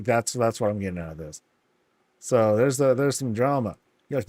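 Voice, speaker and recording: A man giving laid-back, amused commentary while touring houses in a video game, often laughing and putting on quick silly voices. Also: medium pitch, big pitch swings, no echo. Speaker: streamer touring player housing in a game.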